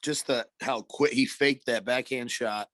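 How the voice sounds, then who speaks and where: A man co-hosting a hockey podcast in casual chat, slightly raspy from allergies, talking loosely with lots of filler and slang. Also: mid-range voice, fairly even intonation, a little slow, fairly bright tone, dry recording. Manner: loose, rambling, heavy filler words and slang. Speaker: podcast co-host.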